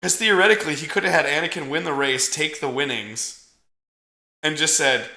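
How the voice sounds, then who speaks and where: A man co-hosting a casual movie review podcast, talking in an animated, profane way and acting out character lines as he goes. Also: fairly high pitch, normal speed, roomy sound. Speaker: podcast co-host.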